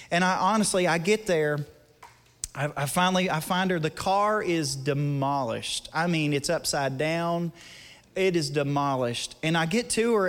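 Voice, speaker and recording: A man preaching a storytelling sermon in a church service, chatty, laughing between lines and dropping to a hush for the tense parts. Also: fairly high pitch, a little slow. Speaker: guest preacher and guitarist. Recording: long reverb from a large hall.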